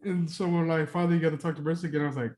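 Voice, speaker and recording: A young man co-hosting a casual podcast, telling stories with plenty of swearing and animated energy. His voice sits a little high for a man. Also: rapid-fire. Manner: profane, animated storytelling. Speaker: podcast co-host. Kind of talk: casual chat.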